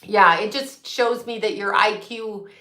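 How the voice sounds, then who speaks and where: A woman's voice: mid-range voice, a little slow, sharp tone, reverberant. A woman host ranting in a blunt, profane, sarcastic way, laughing often as she chats to her viewers. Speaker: psychic medium host. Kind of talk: casual live-stream rant.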